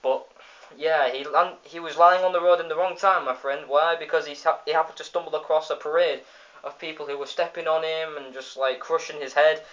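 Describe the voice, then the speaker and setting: A man's voice: fairly high pitch, steady tone, a little fast, a bit bright. A man giving a casual spoken review of a cartoon episode, retelling the plot in a rambling way with many restarts and fillers. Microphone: phone. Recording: dull lo-fi phone recording.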